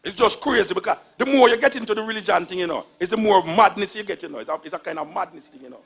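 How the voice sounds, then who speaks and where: Jamaican man with a gravelly, husky voice. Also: sits high, very fast. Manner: animated, retells stories with voiced characters. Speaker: speaker on religion. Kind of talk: humorous storytelling talk.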